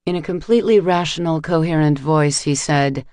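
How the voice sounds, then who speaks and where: A man narrating an audiobook in a measured, dramatic storytelling manner. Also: fairly high pitch, a little mellow, no room sound, studio quality. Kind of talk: scripted narration.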